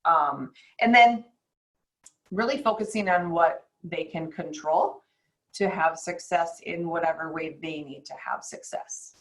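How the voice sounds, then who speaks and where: A woman with a lowish, somewhat bright voice, a podcast host who also works as a chiropractor, chats in a casual interview. She rambles chattily in quick bursts punctuated by laughs, captured on a rough recording.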